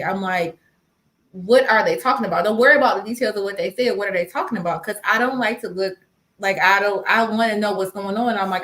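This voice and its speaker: Young adult woman, finance live-stream host, casual animated storytelling, acts out quoted lines, mid-range voice, echoey room. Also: mid-range voice. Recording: roomy echo.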